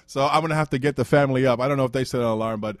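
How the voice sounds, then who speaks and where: A man's voice: mid-range voice, racing, dry recording, studio quality. A man from Brooklyn with a Brooklyn New York accent, hosting his podcast in a casual, rambling monologue that swears freely and keeps trailing off. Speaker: podcast host.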